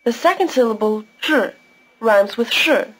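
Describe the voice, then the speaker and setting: A woman's voice: on the high side, animated, measured pace, rough recording. Patient woman narrating a language lesson. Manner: patient, clear, explains pronunciation step by step. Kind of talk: scripted instructional narration.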